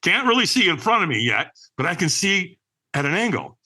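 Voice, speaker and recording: A man with a fairly high, bright, forceful voice tells a personal story on a podcast. His pitch swoops up and down as he acts out other people's lines and often checks in with "right?". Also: very animated, a little fast. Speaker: podcast guest.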